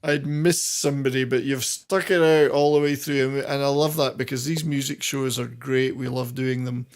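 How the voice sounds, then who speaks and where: A man hosts a relaxed panel stream, chatty and full of jokes. His voice sits mid-range with a gravelly rasp running through it. He rambles cheerfully between thoughts. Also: mid-range voice, normal speed. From Scotland. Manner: jokey, rambling, warm sign-off thanks. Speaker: host. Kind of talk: casual panel chat on a live stream.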